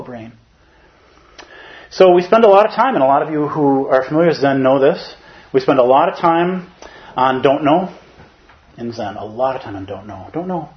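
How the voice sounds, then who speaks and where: A man giving a Zen dharma talk in an animated, playful way, at times putting on other voices. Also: mid-range voice, lo-fi sound. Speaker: Zen teacher.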